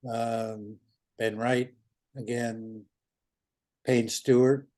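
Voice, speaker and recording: A man's voice: mid-range voice, level tone, drawn-out words, warm tone. A man in his seventies from New York, a guest chatting casually in an interview and talking bluntly, with some swearing. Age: 70s.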